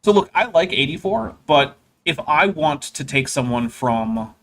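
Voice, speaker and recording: A man hosting a livestream in casual chat, talking in an animated, rambling way. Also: on the high side, measured pace. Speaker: livestream host.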